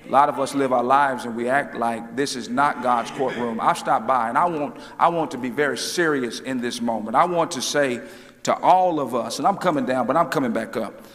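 Booming preacher in a reverberant church. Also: male voice, normal speed. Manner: call-and-response preaching, swings from booming to hushed. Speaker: minister. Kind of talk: sermon. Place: church sanctuary. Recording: church hall with long reverb.

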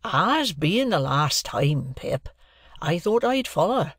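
A man voicing a kindly, slow-spoken middle-aged village blacksmith with plain rustic speech, in a storybook reading. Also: a little high, big pitch swings, a bit bright, no room sound, pitched above the performer's own voice, full character voice. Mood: comfortable.

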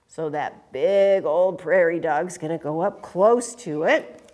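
A woman reading a picture book aloud to young children, in an animated, sing-song, coaxing way. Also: on the low side, takes it slowly. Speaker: children's storyteller. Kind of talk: storytime read-aloud to children.

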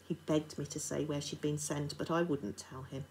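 A woman's voice: sits low, little pitch movement, moderate pace, a little mellow, a little hiss or hum, rough recording. A woman reading as a stern, grieving lady of the manor. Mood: grave.

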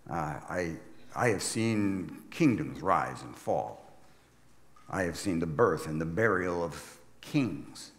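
A man's voice: lowish voice, big-room sound. A man playing an old prophet in his seventies, weary and burdened, speaking a grave monologue with wry asides. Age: 70s. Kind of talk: dramatic first-person sermon monologue.

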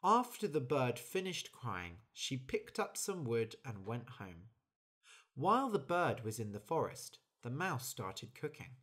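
A storyteller reading a children's story slowly and clearly for English learners. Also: mid-range voice. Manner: clear, deliberate, expressive.

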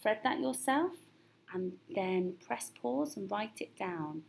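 A woman teaching young children to read and spell, speaking slowly and patiently, with a gravelly edge to her voice. She sounds out each letter with steady encouragement, and a faint hiss sits behind her. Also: medium pitch. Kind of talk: phonics lesson for young children.

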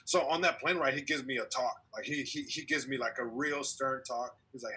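A man's voice: mid-range voice, steady tone, brisk, few pauses, pushed and bright, breathy edge. A young man and comedian guest telling a long story in casual podcast chat over a video call, acting out quotes and laughing along the way.

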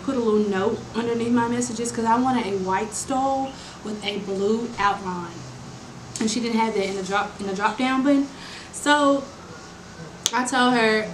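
A young adult woman telling a storytime to viewers, animated and exasperated, talking in slangy, casual speech. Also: mid-range voice. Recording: roomy with steady background noise.

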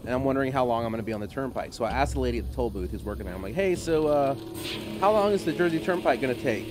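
A man's voice: mid-range voice, lively intonation, very fast, over music. A man co-hosting a gaming show, chatting casually and telling jokey stories with lots of animation. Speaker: podcast co-host watching gameplay. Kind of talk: casual comedic chat.

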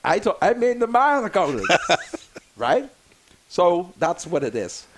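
A man's voice: high-pitched, wildly swooping pitch, a little slow, slight background noise. A man, hosting a talk show and ranting theatrically about politics. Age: 60s. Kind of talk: fiery political rant on talk radio.

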